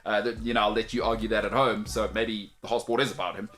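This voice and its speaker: Teasing sports-show host. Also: male voice, on the low side, fairly even intonation, quick pace, a bit bright, soft background music. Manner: teasing, jokey, laughs often. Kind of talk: casual sports banter.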